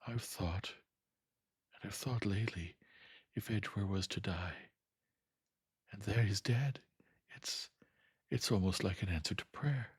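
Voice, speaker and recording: A man voicing a breathy, airy young actress. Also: low-pitched, moderate pace, long pauses, dry recording, studio quality, voice pushed up, full character voice. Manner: breathy, dreamy and distracted.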